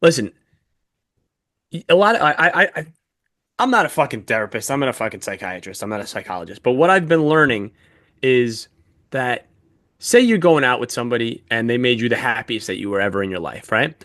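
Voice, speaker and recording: A man's voice: mid-range voice, a little fast, no room sound, clean studio sound. A man co-hosting a podcast in casual chat, telling stories with lots of swearing. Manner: animated, heavy swearing, storytelling. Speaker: podcast co-host.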